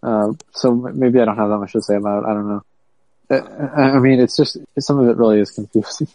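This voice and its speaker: A man co-hosting a podcast in casual chat, laid-back and quick to laugh. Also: medium pitch, fairly even intonation, mellow, dry recording, rough recording. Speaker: podcast co-host.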